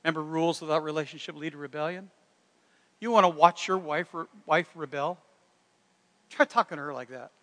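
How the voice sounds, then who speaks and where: A man preaching a sermon in a folksy, animated way, breaking into loud shouted impressions. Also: fairly high pitch, brisk, long pauses, big-room sound. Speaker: pastor.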